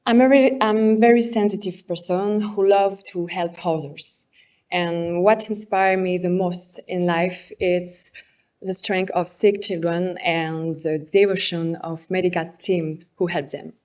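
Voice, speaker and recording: A woman in her twenties from France, a native French speaker with a French accent, giving an earnest, halting prepared speech as a pageant contestant and correcting herself as she goes. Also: on the low side, steady tone, darkish tone, lo-fi sound. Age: 20s. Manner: apologetic and earnest, halting English with self-corrections.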